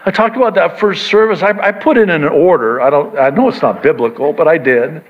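A man preaching a sermon to his church, swinging from hushed reflection to excited emphasis, with joking asides. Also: a little high, brisk. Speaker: pastor. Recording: dull lo-fi sound.

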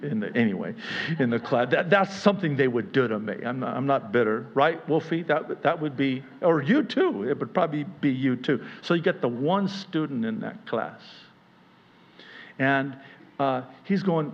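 A man preaching a sermon in an animated way, acting out voices and joking about himself. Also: mid-range voice, normal speed, muffled recording. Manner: animated, acts out voices, self-deprecating jokes. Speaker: pastor.

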